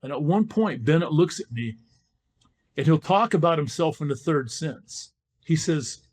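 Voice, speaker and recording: Older male guest, animated storyteller, fairly high voice, swings in pitch. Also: a little slow. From California. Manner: animated storyteller, acts out quoted dialogue. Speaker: guest, former football player. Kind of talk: storytelling in a podcast interview.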